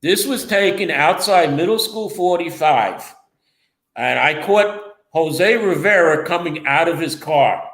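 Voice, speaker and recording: A man's voice: a little high, expressive, unhurried, a bit bright, reverberant, poor audio. A man co-hosting a local political talk show, defensive and rambling as he explains himself. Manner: defensive, rambling, repeats the other host's name. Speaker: co-host and local reporter. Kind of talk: casual political chat show.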